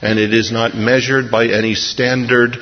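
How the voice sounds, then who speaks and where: A man preaching a sermon to a congregation, retelling a story earnestly and slowing down to stress key points. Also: mid-range voice, little pitch movement. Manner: earnest, storytelling, measured slowdowns for emphasis. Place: church service before a congregation. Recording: long hall reverb, dull lo-fi sound.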